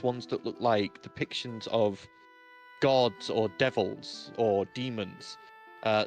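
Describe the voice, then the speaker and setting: A man running a tabletop game as its game master. He narrates in an easygoing way, with small fillers and quick self-corrections, and soft music plays behind him. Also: medium pitch.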